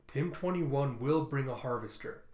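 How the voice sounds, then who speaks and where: A composed alien statesman, read aloud by a man from a comic, speaking in slow, deliberate phrases. The voice stays close to an ordinary speaking voice. There is a roomy echo around him. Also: medium pitch, a little mellow, close to an everyday voice. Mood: measured. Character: measured male alien leader, calm and diplomatic.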